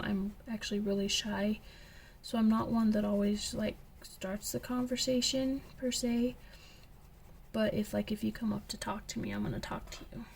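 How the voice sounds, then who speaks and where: A young woman and coloring channel host chatting casually as she tells a story, slipping into whispers when excited. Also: medium pitch, gravelly, a little hiss or hum. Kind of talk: casual chat while coloring.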